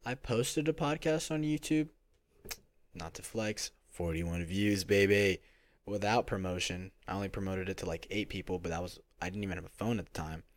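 A man's voice: sits low, normal speed. A young man hosting his first home podcast in casual solo chat, rambling and self-conscious with lots of fillers and restarts. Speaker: podcast host. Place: home room. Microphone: home recording mic.

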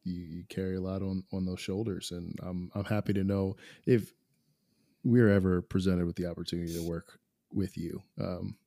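Low, mellow man with a wry co-host manner. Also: fairly even intonation, normal speed, creaky, dry recording, studio quality. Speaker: podcast co-host. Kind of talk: casual interview chat.

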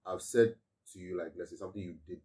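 A man's voice: sits low, mellow, far from the mic. A man, chatting casually as a podcast co-host and restarting his sentences often. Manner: talks fast with many restarts and fillers. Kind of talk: casual chat.

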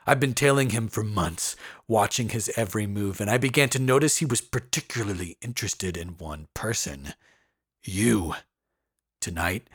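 A man voicing a gruff, bearded vigilante who speaks low and grim. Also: a bit bright, no echo, studio quality.

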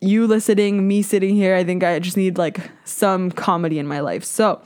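A young woman hosting her own podcast in casual solo chat, candid and swearing freely, now and then mimicking other people in a high, squeaky voice. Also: steady tone, moderate pace, a little mellow, clean tone. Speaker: podcast host.

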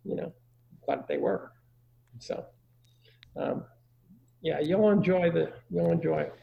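A man's voice: a little high, takes it slowly, gravelly, lo-fi sound. A middle-aged man giving crude, joking parenting advice in a casual conversation.

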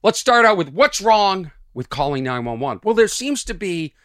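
A man hosting a solo comedy podcast early in the morning, animated and sarcastic, mock-exasperated, sleepy but energized. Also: high-pitched, moderate pace, no echo. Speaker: podcast host. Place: at home early morning, birds outside.

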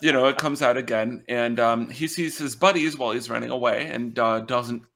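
Podcast co-host, male, gravelly, hesitant and halting delivery. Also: mid-range voice, fairly bright tone. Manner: hesitant, many ums. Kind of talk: casual chat.

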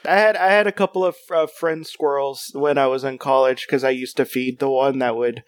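A man's voice: medium pitch, steady tone, fairly quick, no room sound. A young man in casual podcast chat, rambling and playful as he spins odd hypothetical stories.

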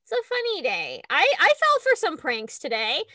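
A woman's voice: high voice, moderate pace, no room sound, studio quality. A woman co-hosting a podcast, chatting casually with frequent laughter and lots of "like". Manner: giggly, animated, lots of "like". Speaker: podcast co-host. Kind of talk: casual chat.

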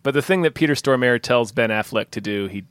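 A man's voice: mid-range voice, fairly quick, a bit bright, clear, resonant tone, no echo. A man co-hosting a casual film podcast who makes dry, joking asides about the movie. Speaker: podcast co-host.

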